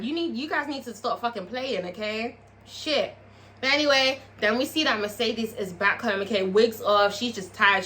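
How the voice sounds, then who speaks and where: A woman recapping a TV episode in a casual vlog, profane and animated, talking straight to her viewers. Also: on the high side. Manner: profane, animated, chatty, asks viewers questions. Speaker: TV show reviewer.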